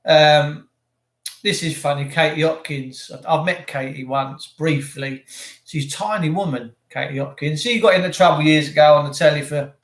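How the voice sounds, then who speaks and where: A man's voice: fairly high pitch, normal speed. A man hosting a livestream, talking in a rambling, sarcastic and opinionated way and chatting to his viewers. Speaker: livestream host. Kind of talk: rambling ranting monologue. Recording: roomy echo.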